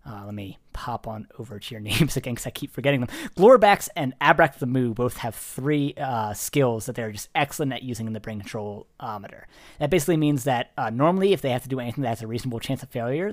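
A man running a tabletop game, narrating scenes and explaining rules in quick, energetic bursts. His voice sits mid-range and is recorded dry and close. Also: medium pitch, no echo. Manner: energetic, laughing, rapid explanations. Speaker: game master.

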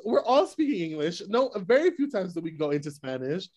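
Man, podcast co-host, very high voice, animated, teasing storyteller. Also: brisk, hardly any pauses. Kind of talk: casual chat.

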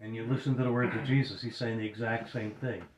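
An earnest male preacher delivers a sermon at a measured pace in a steady, mid-range voice, dropping to a hush when he quotes scripture. The recording is roomy, with a clear echo from the hall around him.

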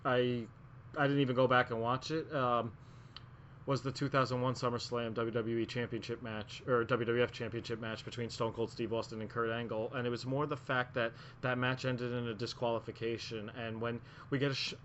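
A man's voice: medium pitch, little pitch movement, a little fast, fairly bright tone, a little hiss or hum. A man co-hosting a casual wrestling podcast, rambling through his picks with lots of filler words and restarts. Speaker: podcast co-host. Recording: muffled lo-fi audio.

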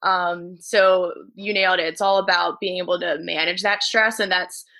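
A woman's voice: fairly low pitch, steady tone, moderate pace, gravelly, bright, forceful tone, poor audio. A woman strength coach talking casually as a podcast guest, with many "like" fillers.

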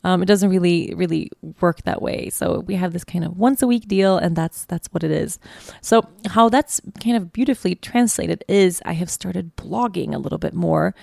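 Reflective woman with a low, gravelly voice. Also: moderate pace, mellow, no room sound, clean studio sound. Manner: reflective, heartfelt, with frequent restarts. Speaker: podcast host. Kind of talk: casual solo podcast monologue. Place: guest bedroom, sitting on a bed.

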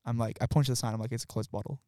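A man's voice: mid-range voice, steady tone, very fast, warm tone, no echo. Casting: young Aussie guy, crude storyteller, dry close sound. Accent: Australian. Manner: swearing, laughing storyteller, acts out quotes. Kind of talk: casual chat.

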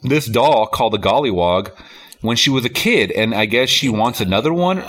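A man's voice: mid-range voice, lively intonation, normal speed, a bit bright. Rambling man recapping a movie casually. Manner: rambling, filler-heavy, laughs easily. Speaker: podcast film reviewer. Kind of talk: casual chat.

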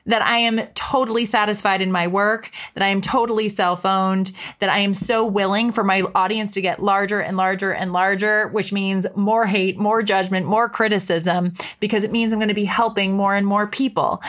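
A woman in her thirties talks alone into the mic for her podcast. She is earnest and impassioned, and she leans on repeated phrases to drive her points home. Her pitch sits in an ordinary middle range. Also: fairly bright tone. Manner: earnest, impassioned, emphatic repetition. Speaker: podcast host and life coach. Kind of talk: solo podcast monologue.

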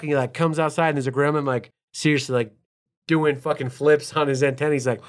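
A man co-hosting a podcast, reading notes aloud and riffing in casual, profane, excitable chat. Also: fairly high pitch, fast. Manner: swearing, excitable, ramps up when telling stories. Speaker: podcast co-host.

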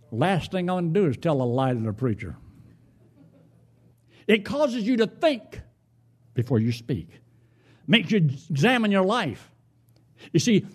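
A man's voice: on the high side, dark tone. A man preaching a sermon in a church, telling folksy stories and asking his congregation pointed questions.

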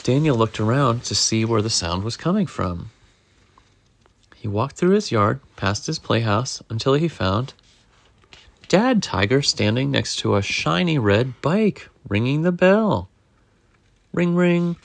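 Gravelly dad reading a storybook aloud. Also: male voice, mid-range voice, very animated, unhurried, no echo. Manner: playful and affectionate with his child. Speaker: father reading to his daughter.

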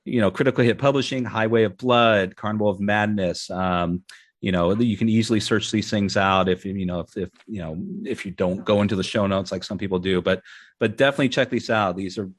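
A man's voice: fairly low pitch, brisk, no room sound. A man hosting a podcast interview, joking around and rambling with many restarts. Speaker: podcast host. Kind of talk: casual interview chat.

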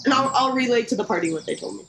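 A woman's voice: a little high, expressive, racing, reverberant, background noise. A woman playing a tabletop game, talking earnestly about her character's actions. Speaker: player.

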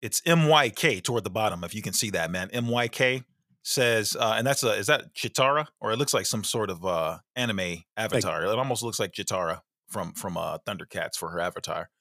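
A man co-hosting a casual podcast, animated and quick to get fired up, stumbling over repeated words. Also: lowish voice, no echo, studio quality. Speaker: podcast co-host.

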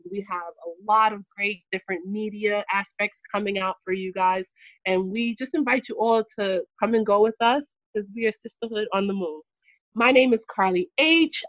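A woman's voice: mid-range voice, moderate pace, no room sound, lo-fi sound. A playful woman hosting a casual group podcast, laughing often as she introduces the guests. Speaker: podcast host and company CEO.

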